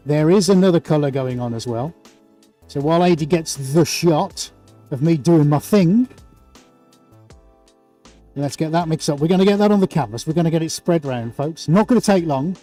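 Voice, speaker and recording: A man with a fairly high, warm voice hosts a live painting stream. He chats playfully in a casual way and greets his viewers by name.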